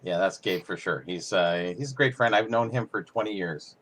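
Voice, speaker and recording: A man co-hosting a casual livestream chat, talking quickly and enthusiastically. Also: sits low, fairly bright tone.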